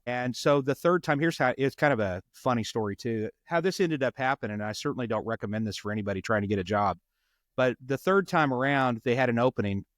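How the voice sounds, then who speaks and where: A man's voice: mid-range voice, dry recording, studio quality. A middle-aged man from Los Angeles, a homicide detective, tells a story in a podcast interview and acts out the lines of the people in it. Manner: animated storyteller who acts out quotes.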